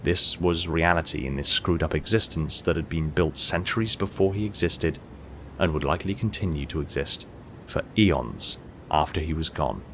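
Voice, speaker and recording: A man narrating an audiobook short story in a steady, measured storytelling manner. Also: very deep voice, a little hiss or hum.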